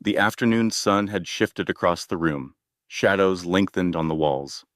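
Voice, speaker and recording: A man with a fairly low voice narrates a scripted drama story in a steady, dramatic way. The recording is close and dry, with no room sound. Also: a little slow, dry recording.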